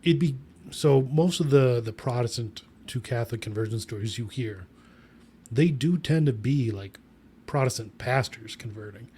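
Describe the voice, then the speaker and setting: A man's voice: medium pitch, normal speed, warm tone, breathy edge. A man co-hosting a podcast in casual chat, wry and thoughtful, with a teasing side. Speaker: podcast co-host.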